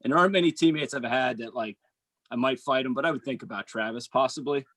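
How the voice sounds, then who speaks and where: Animated storytelling man, dry close sound. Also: mid-range voice, dry recording, poor audio. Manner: animated storyteller, quick asides and restarts. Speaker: high school basketball coach and former college player. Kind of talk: casual storytelling chat.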